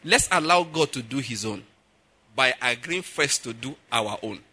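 Animated, bright-voiced preacher man. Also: medium pitch, normal speed, slightly rough. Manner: animated, acts out voices, laughs at own jokes. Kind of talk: sermon.

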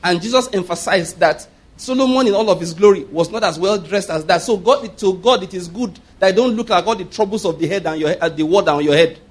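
Nigerian pastor, 50s, husky and kinda high, super emphatic sermon, keeps going "you get my point?". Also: male voice, fairly quick. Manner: emphatic, keeps checking the congregation understands.

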